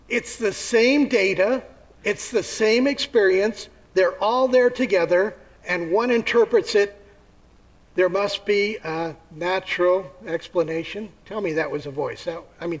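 A man preaching a sermon, telling the story with lively acted-out voices and asking his listeners questions. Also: sits high, poor audio. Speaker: pastor.

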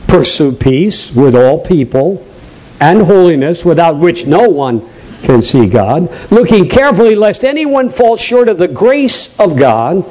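High-voiced preacher with a New England accent. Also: male voice, very animated, unhurried, low-quality recording. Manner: emphatic preaching, swinging between loud high stresses and low quiet asides; draws the congregation in with direct questions. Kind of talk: sermon.

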